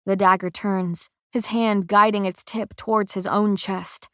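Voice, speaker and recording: A woman reads a first-person audiobook in an unhurried, deliberate way, with feeling behind each line. Her voice sits at a middle pitch. The recording is close and dry, with no room sound. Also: steady tone, dry recording. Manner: measured, emotional narration. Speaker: audiobook narrator.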